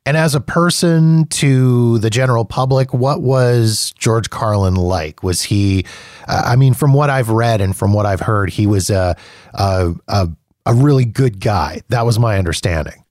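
A man hosts an interview, his voice a bit low and steady. He puts prepared questions to his guest in a measured way. The recording is dry, with no room sound. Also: dry recording. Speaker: podcast host, interviewer.

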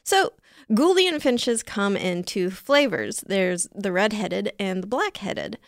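A young woman with a creaky, gravelly edge to her voice chats through animal facts on a podcast, joking and wandering off topic as she goes. The sound is close and dry, with no room around it. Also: medium pitch, expressive, takes it slowly, no echo. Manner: jokey, rambling, laughs often. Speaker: podcast co-host presenting science facts. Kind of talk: casual comedic chat.

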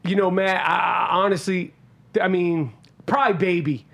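A man's voice: high voice, fairly even intonation, normal speed, vocal fry, fairly bright tone. A man chatting casually and profanely about basketball, with frequent restarts and filler words. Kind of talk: casual podcast chat.

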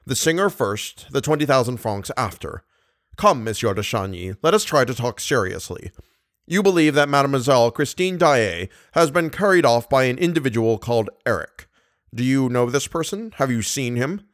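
A man reading an audiobook, voicing a skeptical police commissary with a measured, ironic, solemn manner. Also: mid-range voice, lively intonation, dry recording, studio quality, natural voice.

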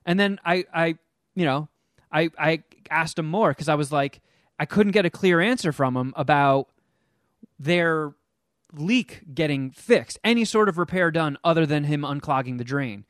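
A man hosting a podcast, telling a story in casual chat, animated and profane. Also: fairly high pitch, normal speed, no room sound, studio quality. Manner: animated, profane, acts out the people he quotes. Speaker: podcast host.

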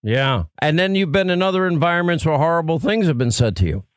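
A man's voice: on the high side, sing-song, quick pace. A middle-aged man hosting a political talk radio show, speaking in an impassioned, emphatic way.

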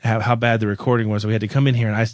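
A man co-hosting a podcast, telling stories in a quick, self-deprecating, casual way. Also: lowish voice, level tone, dry recording. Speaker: podcast co-host. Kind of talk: casual chat.

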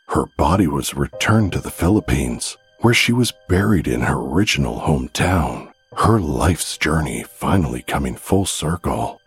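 A man's voice: rumbling low, slightly rough. A man hosting a podcast, reading a scripted true-story narration in a solemn storytelling manner. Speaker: podcast host.

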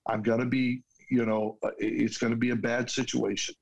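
Man, mid-pitched, guest sharing a heartfelt personal story, earnest, restarts now and then. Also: little pitch movement, brisk, gravelly, husky, low-quality recording. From United States.

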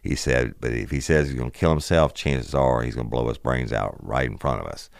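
A middle-aged podcast host with an extremely low voice and vocal fry talks a little fast as he retells a police call. His story is profane, rambling, casual, and animated, captured in studio quality with no room sound.

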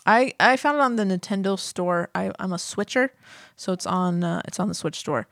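A woman's voice: medium pitch, normal speed, creaky, a bit bright, no echo, clean studio sound. A woman co-hosting a casual podcast, chatting and reading listener mail with frequent laughter. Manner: giggly, chatty, breaks into laughter often. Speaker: podcast co-host.

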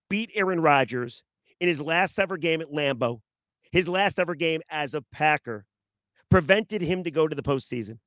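A man's voice: a little high, fairly bright tone, dry recording. A man hosting a solo sports podcast, chatty and joking, repeating himself for emphasis.

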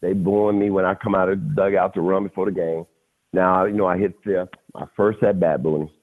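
A middle-aged man telling a story as a podcast guest, animated and slangy, often addressing the host by name. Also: low-pitched, brisk. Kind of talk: casual storytelling. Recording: tinny phone-like audio.

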